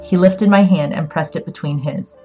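Low-voiced woman narrating an audiobook. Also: normal speed, faint music behind. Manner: steady, even first-person storytelling. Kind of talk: scripted narration.

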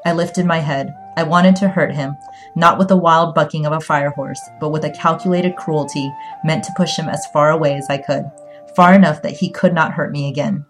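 A woman narrating a novel in the first person with a steady, even reading. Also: sits low, moderate pace, soft background music. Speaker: audiobook narrator. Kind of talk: scripted narration.

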